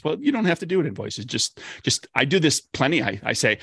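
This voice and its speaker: A man's voice: mid-range voice, animated, brisk, few pauses, breathy edge, no room sound, clean studio sound. A man, a game designer, talking casually and rambling with lots of "like" and restarts. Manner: rambling, heavy use of "like" and restarts. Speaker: game designer on a discussion panel. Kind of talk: casual discussion.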